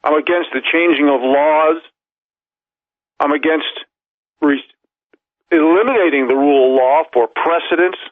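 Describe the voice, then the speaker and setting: A man's voice: a little high, unhurried, pauses often, no echo. A man giving emphatic talk radio news commentary, reading articles aloud and stacking up long lists of points. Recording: tinny phone-line audio, dry.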